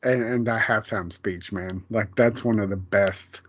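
Low-voiced man in casual podcast chat. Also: steady tone, a little slow, highs cut off. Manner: loose and profane, quotes scenes in little bursts. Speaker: podcast co-host.

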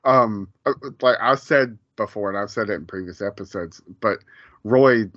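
Low-voiced man chatting on a podcast. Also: moderate pace, fairly bright tone, no echo. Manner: rambling, chuckling as he recounts scenes. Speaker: podcast co-host. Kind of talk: casual chat. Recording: slightly dull, dry podcast audio.

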